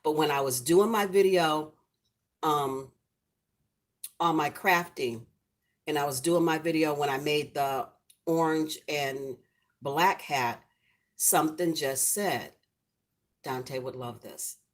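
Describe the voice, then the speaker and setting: Low-pitched woman, middle-aged, casual, affectionate, cooking stream host at home. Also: slow pace, long pauses. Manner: chatty and affectionate, talking to the comments. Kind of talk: casual livestream chat with viewers. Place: home, lit by a ring light.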